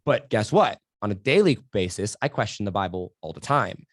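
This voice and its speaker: In clean studio sound with no echo, a young man talks as a guest on a podcast, his lowish voice moving at a moderate pace. The candid interview finds him animated and energetic as he tells stories, leaning often on "like" and "right?".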